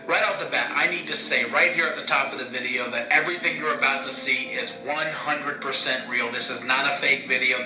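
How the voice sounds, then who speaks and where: A man vlogging to his own camera in a bitter, heated rant, swearing often. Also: medium pitch. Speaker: YouTuber. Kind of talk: angry vlog rant. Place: indoors, talking to own camera. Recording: roomy echo, faint music.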